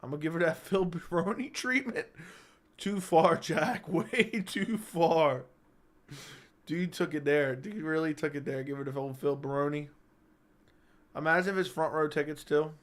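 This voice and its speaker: A man's voice: a little high, normal speed. A young man hosting a live-stream chat, rambling and joking as he reads viewer comments aloud.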